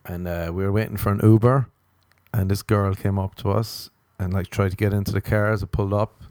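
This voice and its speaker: An Irish man rambles through a comic monologue, poking fun at himself along the way. His voice sits low with a gravelly fry. The sound is close and dry. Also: fairly even intonation, brisk, a little mellow, no room sound. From Ireland. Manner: self-mocking, wandering asides. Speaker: comedian.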